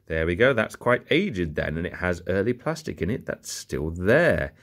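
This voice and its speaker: A young toy collector rambles through a bag of old cars, cracking jokes and muttering asides in casual unboxing commentary. His low voice swings widely in pitch, flowing at normal speed with few pauses.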